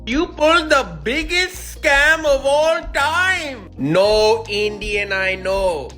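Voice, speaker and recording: A speaker delivering a slow, mocking prepared monologue. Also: high voice, animated, pushed and bright, faint music behind.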